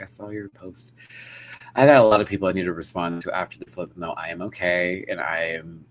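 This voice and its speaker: A man hosting a live review of a show in casual, animated, giggly chat. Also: low-pitched, slight background noise.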